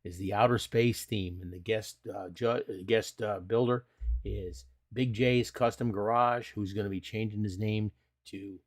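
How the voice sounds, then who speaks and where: A man's voice: on the low side, fairly even intonation, a little slow. Folksy middle-aged man hosting a stream. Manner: chatty, folksy, calls viewers brother. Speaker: live stream host. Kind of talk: casual live stream chat.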